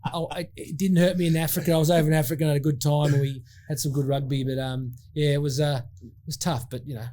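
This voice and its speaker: A man's voice: on the high side, little pitch movement, fast talker, mellow. An Australian man, a former rugby player, telling a rambling, self-mocking story between laughs. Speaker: guest, former rugby prop. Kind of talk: casual storytelling.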